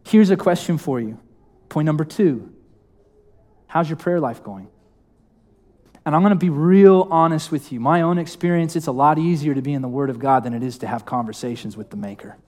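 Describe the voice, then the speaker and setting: A young man delivers a sermon in a church hall. His voice sits a little high, and his tone stays informal and conversational. He keeps putting questions to the congregation. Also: fairly quick, darkish tone. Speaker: preacher.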